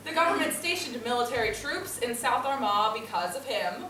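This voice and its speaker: A woman's voice: on the high side, expressive, moderate pace, pushed and bright, a little hiss or hum. A woman playing a scornful male British army lieutenant in a stage reading, brusque and contemptuous. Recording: echoey hall, distant mic.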